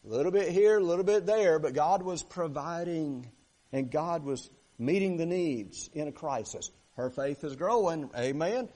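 Animated high-voiced male preacher. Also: moderate pace. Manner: animated, asks the congregation questions, reads scripture aloud. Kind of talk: sermon.

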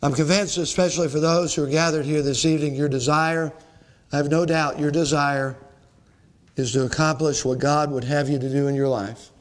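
A pastor delivers an evening sermon in a man's fairly high voice. He builds to ringing, emphatic peaks and then drops low and slow for quiet stretches, the pacing of a practiced preacher. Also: steady tone. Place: church service in the evening.

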